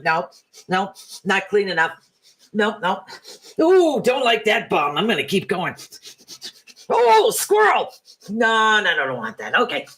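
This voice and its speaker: A woman's voice: medium pitch, very animated, unhurried, fairly bright tone, voice pushed up. A woman voicing a fussy dog sniffing around the grass, commenting pickily and getting distracted. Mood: picky. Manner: picky running commentary, easily distracted.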